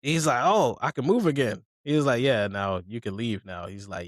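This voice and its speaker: A man's voice: medium pitch, moderate pace, dry recording. A man casually recapping an anime episode, acting out characters' lines with profane slang. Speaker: podcast co-host.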